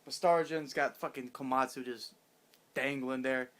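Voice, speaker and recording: A man's voice: mid-range voice, a little slow. Brief: male reviewer, hyped and rambling, swears a lot, heavy slang. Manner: excited, profane, rambling with slang. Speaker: manga chapter reviewer. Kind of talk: casual chapter review.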